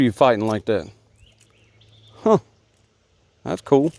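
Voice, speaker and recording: Male angler, gravelly and warm, talks gently to each fish from his boat, crickets faint behind. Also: lowish voice, lively intonation, unhurried, slight background noise. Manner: chats softly to the fish he catches. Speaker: fishing vlogger. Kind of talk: casual narration while fishing. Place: small creek outdoors, in a boat. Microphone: action camera. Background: crickets and insects.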